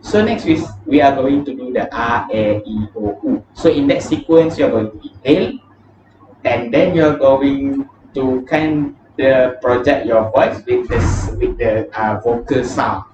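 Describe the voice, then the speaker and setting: Man leading a warm-up in an echoey room. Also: medium pitch, unhurried, faint music behind. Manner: counts down steps and explains with casual fillers. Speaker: vocal warm-up instructor. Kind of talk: guided breathing exercise lesson. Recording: echoey room, distant mic, dull and noisy.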